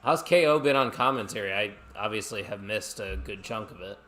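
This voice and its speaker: A man's voice: fairly low pitch, brisk, bright, forceful tone. A man co-hosting a live watch-along stream, chatting casually and reacting to the action while reading viewer comments.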